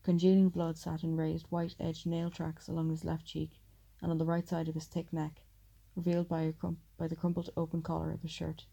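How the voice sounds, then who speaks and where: A woman reads an audiobook at a measured, steady pace. Her voice is very dark and gravelly, and she sits low with a flat, even delivery. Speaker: audiobook narrator. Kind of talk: audiobook narration.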